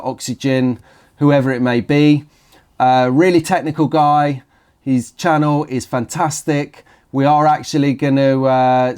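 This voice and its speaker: A man's voice: medium pitch, darkish tone. A British man talking casually to camera as a hobby vlog host, chatty and rambling, often restarting his sentences. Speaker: slot car vlogger.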